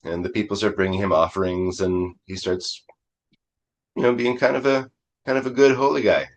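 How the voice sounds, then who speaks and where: A man, a Zen priest, giving a dharma talk by retelling an old story in a conversational, animated way. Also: lowish voice, moderate pace, lo-fi sound.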